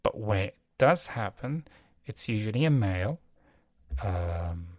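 A man's voice: fairly low pitch, lively intonation, unhurried, dry recording, studio quality. Rambling, heavily swearing man. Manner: rambling, swears a lot, self-correcting. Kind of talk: casual monologue.

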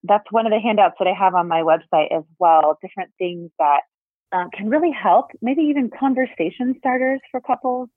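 A woman in her thirties, a guest expert, calmly explaining and acting out example phrases in casual conversation. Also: mid-range voice, fairly quick, slightly rough, dry recording. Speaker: podcast guest, perinatal mental health specialist. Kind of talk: casual interview chat. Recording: phone-line audio, dry.

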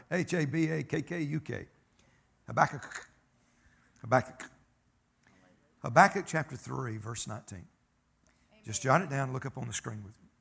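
A man's voice: mid-range voice, creaky, a bit bright, breathy edge. A man preaching a sermon, folksy and emphatic, telling stories and calling for amens. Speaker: pastor.

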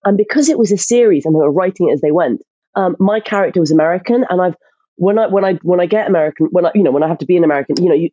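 An actress chatting as a guest in an interview, telling lively stories with lots of restarts. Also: female voice, on the low side, very fast, dry recording, muffled recording. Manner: animated storyteller, frequent restarts. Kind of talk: casual interview chat.

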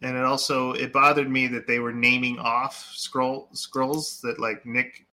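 A man's voice: medium pitch, level tone, a little slow, pushed and bright. Rambling man chatting about movies. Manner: rambling, full of "like" and "um". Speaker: podcast co-host. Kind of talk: casual movie chat.

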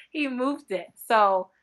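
A young woman from North Dakota, a book blogger guest chatting casually in an interview. She tells stories with lots of energy and laughs often. Her voice is bright and sits fairly high.

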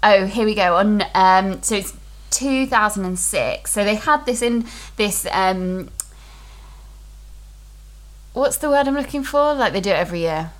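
A woman's voice: medium pitch, lively intonation, a little slow. A woman hosting a casual, enthusiastic book chat. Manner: chatty, enthusiastic, with fillers. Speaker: podcast host.

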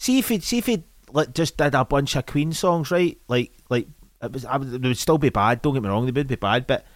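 A man's voice: medium pitch, expressive, a little fast, no echo, clean studio sound. A Scottish man co-hosting a podcast in casual chat, blunt, sweary and joking. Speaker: podcast co-host.

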